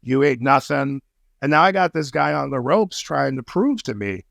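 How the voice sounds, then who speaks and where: A man's voice: fairly high pitch, big pitch swings, moderate pace, creaky, fairly bright tone, no room sound, studio quality. A man guesting on a podcast, telling a story in casual talk, swearing freely and using street slang.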